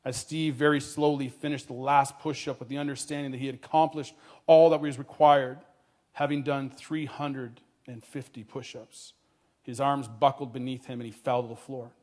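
A man telling a story in a sermon, earnest, dropping his voice quietly at tender moments. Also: medium pitch, little pitch movement, moderate pace.

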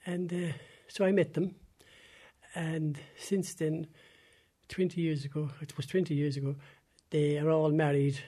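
Older Irish man, 80s, husky and mellow, halting interview recollection. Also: on the high side, level tone. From Ireland. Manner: halting, plain-spoken, trails off often. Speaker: interviewee, former industrial school resident.

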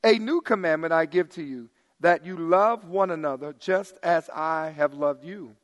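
Man, pastor, sermon, high voice, long hall reverb, loud then hushed. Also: normal speed. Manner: animated, swings from loud emphasis to hushed asides.

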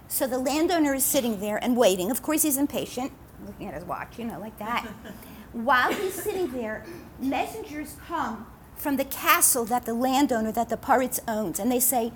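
Woman lecturer, high-pitched, lively storytelling style with emphatic repeats, faint background noise. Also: moderate pace. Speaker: speaker addressing women. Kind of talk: religious storytelling talk.

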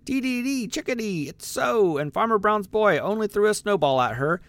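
A chirpy little chickadee. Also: male voice, high-pitched, no room sound, pitched above the performer's own voice. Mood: eager. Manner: chirpy, quick and excited. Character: tiny cheerful male chickadee bird.

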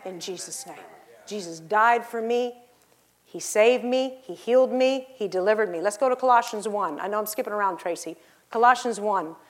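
A middle-aged woman preaching a sermon, telling stories and acting out the voices in them, rising to loud exhortation. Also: mid-range voice, normal speed. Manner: acts out voices in her stories.

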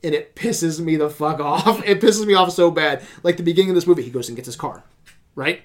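A man's voice: fairly high pitch, brisk. A man ranting about movies on a casual podcast, swearing a lot and sounding exasperated. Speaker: podcast host reviewing movies. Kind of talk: casual profane movie rant.

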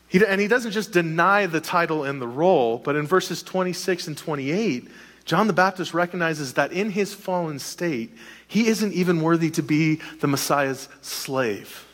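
A man preaching a sermon, animated and now and then joking. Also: fairly high pitch, big-room sound. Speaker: pastor.

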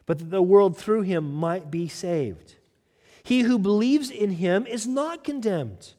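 Male pastor, emphatic sermon delivery, slightly high voice, long church-hall reverb. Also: lively intonation, slow pace, warm tone. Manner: emphatic, repeats words when restarting.

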